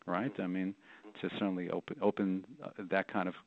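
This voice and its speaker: A man's voice: low-pitched, little pitch movement, brisk, vocal fry. A middle-aged man, a rabbi and author, telling his story as an interview guest in a reflective way, often repeating words as he goes. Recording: dry, tinny phone line.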